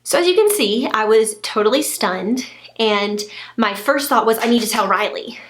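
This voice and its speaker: A woman in her twenties telling a personal story to camera as a vlogger, gushing and animated, with many fillers and restarts. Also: fairly high pitch, normal speed. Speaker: lifestyle vlogger.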